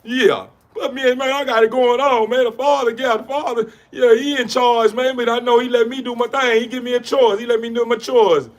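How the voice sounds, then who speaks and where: A man with a high-pitched voice rambles through a preachy motivational monologue. He loops back on his phrases and talks in street slang. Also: fairly even intonation, a little fast, hardly any pauses. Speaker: dog breeder talking to camera.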